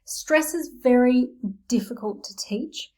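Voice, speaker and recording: A woman's voice: high-pitched, slow pace, a little mellow, poor audio. A woman teaching teachers spelling rules in a friendly explanatory lesson, using playful metaphors. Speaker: literacy teacher trainer.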